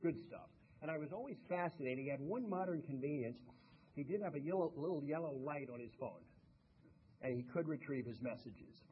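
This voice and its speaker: A man's voice: a little high, lively intonation, a little fast, phone-quality sound, slight background noise. A man giving a motivational speech, telling folksy stories and talking directly to the audience. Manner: folksy storytelling, talks to the audience. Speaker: motivational speaker.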